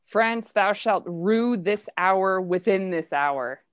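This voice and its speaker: A woman's voice: mid-range voice, lively intonation, takes it slowly, clear, resonant tone, no echo, studio quality. A woman reading the part of a wrathful king vowing war, with declamatory, angry verse in a Shakespeare play reading.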